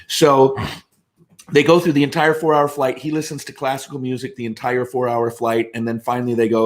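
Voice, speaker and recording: Man, mid-pitched voice, lively storyteller, acts out quoted voices. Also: brisk. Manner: animated anecdotes with quoted voices. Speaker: guest speaker. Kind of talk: storytelling in conversation.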